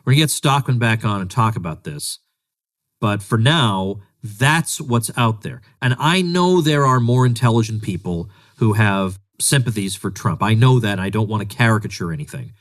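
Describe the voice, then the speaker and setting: A man's voice: fairly low pitch, animated, moderate pace. A man hosting a solo commentary podcast, talking in a sarcastic, exasperated way as he answers critics. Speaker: podcast host.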